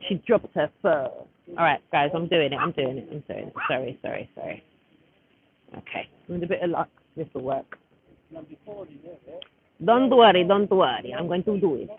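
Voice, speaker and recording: A woman in her thirties chatting casually on a live stream, rambling and breaking off to fiddle with her phone, outdoors at a street gathering. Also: low-pitched. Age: 30s. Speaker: livestreamer. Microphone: phone camera. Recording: tinny phone-like audio with faint noise.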